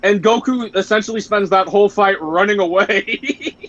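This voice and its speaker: A young man with a high-sitting, fairly bright voice at normal speed chats casually and animatedly on stream, cursing and laughing as he retells scenes. The stream audio is dull and lo-fi.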